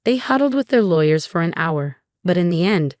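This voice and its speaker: Low-voiced woman narrating a drama story. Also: normal speed, no echo, clean studio sound. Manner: steady storytelling, quoting each character in the same voice. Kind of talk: scripted first-person story narration.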